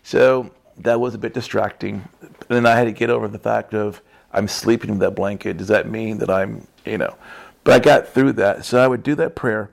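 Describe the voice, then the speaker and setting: A man's voice: lowish voice, steady tone, moderate pace, gravelly. A man preaching in a casual storytelling way, chatty and laughing often, with frequent tag questions.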